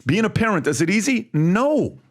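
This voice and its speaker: A man's voice: high voice, moderate pace. A man hosting a casual panel discussion, talking emphatically and telling stories while quizzing the others. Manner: emphatic, animated storyteller who quizzes the panel. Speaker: host.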